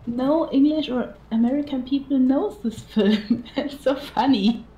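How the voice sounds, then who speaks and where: A German woman from Bavaria with a German accent, chatting in halting, simple English. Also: sits high, dark tone, dull audio. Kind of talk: casual chat. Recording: echoey room.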